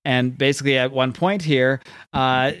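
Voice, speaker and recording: A man's voice: medium pitch, steady tone, normal speed, a bit bright, smooth, no room sound. A man casually recapping a story, rambling with many fillers and restarts, often laughing.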